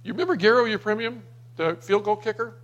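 Man telling family stories, a touch high. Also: fast talker, fairly bright tone, dull audio. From Florida. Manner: anecdotal, acts out quoted people. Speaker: speaker sharing memories of his father. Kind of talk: personal storytelling to a small gathering.

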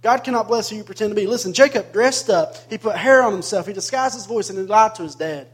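A man's voice: high-pitched, quick pace, breathy edge. A male pastor preaching a sermon, retelling a scripture story with joking asides and rising emphasis. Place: church sanctuary.

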